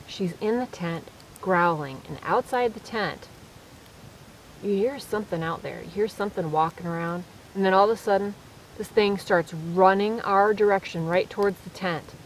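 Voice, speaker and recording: Woman vlogger, casual and animated, telling camp stories outdoors with a faint hiss. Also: medium pitch, moderate pace, rough recording. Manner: chatty, animated storyteller. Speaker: solo camping vlogger. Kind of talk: casual storytelling to camera. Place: outdoors in the woods at night.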